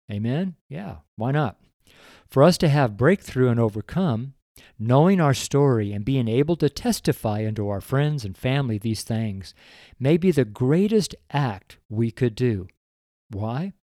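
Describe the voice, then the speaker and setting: An older male preacher talks in a warm, mellow voice, earnest and openly emotional. He drifts into folksy asides before returning to his letter and leading a heartfelt prayer. The sound is dry and close, with no room behind him. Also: medium pitch, no echo. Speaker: pastor. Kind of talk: sermon read from a weekly letter, with prayer.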